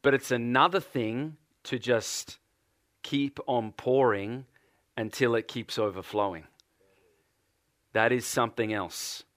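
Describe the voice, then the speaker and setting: A man's voice: mid-range voice, takes it slowly, long pauses, a bit bright, no room sound, studio quality. A man from Australia with an Australian accent, preaching a sermon and putting earnest repeated questions to a congregation.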